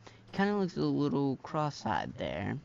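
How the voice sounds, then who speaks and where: Male mod reviewer, gravelly and rambling, lots of "um"s, muffled lo-fi mic. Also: medium pitch, wildly swooping pitch, measured pace, a little mellow. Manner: rambling, filler-heavy, slangy. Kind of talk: casual gameplay commentary. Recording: dull lo-fi mic.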